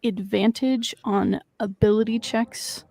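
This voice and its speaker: A woman playing in a tabletop game, briskly explaining rules in casual chat. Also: mid-range voice, fairly even intonation, gravelly, warm tone, dry recording. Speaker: player.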